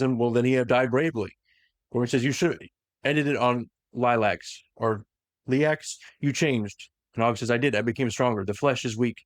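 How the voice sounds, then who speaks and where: A man's voice: medium pitch, no echo, studio quality. Man animatedly recapping lore. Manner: animated retelling that slips into quick voiced quotes. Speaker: podcast host recapping lore. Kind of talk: casual lore recap chat.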